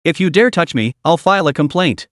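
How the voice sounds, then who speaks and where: A man's voice: a little high, animated, brisk, no room sound, clean studio sound, close to an everyday voice. A man voicing an arrogant middle-aged woman driver who screams insults. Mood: angry. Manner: screeching, insulting.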